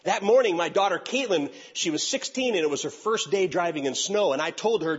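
A high, lively man with a slightly husky edge tells a comic story from the stage, leaping between voices as he acts out every character. His voice is bright, and the recording is dull and lo-fi. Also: brisk, few pauses. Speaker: youth pastor and speaker.

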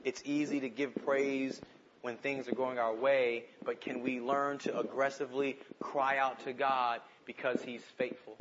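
A man preaching a sermon, moving between urgent, passionate pleas and quiet, reflective asides. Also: medium pitch, little pitch movement, a little slow, muffled recording, noisy background. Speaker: pastor.

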